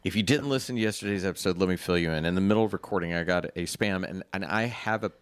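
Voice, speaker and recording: A man's voice: sits low, fast talker, smooth, no room sound. A man co-hosting a podcast, chatting casually and telling rambling, amused stories. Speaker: podcast co-host. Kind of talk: casual chat.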